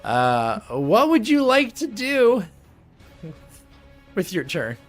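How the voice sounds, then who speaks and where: Lively male game master. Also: high voice, slow pace, soft background music. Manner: animated, chatty, laughs often. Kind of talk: running a tabletop game over voice chat.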